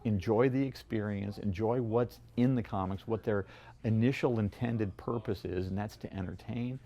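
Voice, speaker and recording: A man's voice: fairly low pitch, normal speed, vocal fry, mellow, highs cut off. A middle-aged man who owns a comic shop, telling stories in a documentary interview. He speaks earnestly and often repeats words as he goes. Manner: earnest anecdotal storytelling with frequent word repeats.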